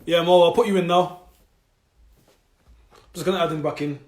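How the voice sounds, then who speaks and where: A man with a Manchester accent hosting a relaxed, slangy chat over a video call. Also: on the high side, normal speed. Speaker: host. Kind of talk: casual chat.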